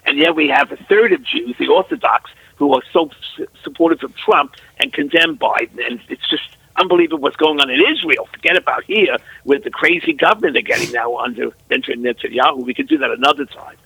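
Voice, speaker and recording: Gravelly, husky older man, earnest. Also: on the high side, sing-song, fairly quick, bright, forceful tone, no echo, poor audio. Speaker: guest political commentator. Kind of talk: phone-in radio talk.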